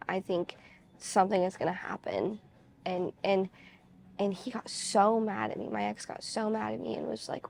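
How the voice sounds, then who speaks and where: Woman with a heavily gravelly voice. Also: medium pitch, a little mellow. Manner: rambling, full of "like" fillers; candid, confessional storytelling. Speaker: vlogger. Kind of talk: casual chat to camera.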